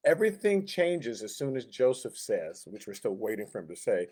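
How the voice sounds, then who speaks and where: A man's voice: fairly low pitch, very animated, moderate pace, hardly any pauses, a little mellow. A man teaching a Sunday school Bible class in a casual, conversational way, chuckling often and acting out quoted lines.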